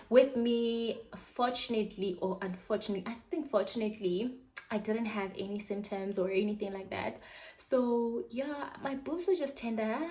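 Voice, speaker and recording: A woman's voice: medium pitch, a little mellow, rough recording. A young woman vlogger telling a candid personal storytime, chatty and open, acting out her own past reactions in quoted asides.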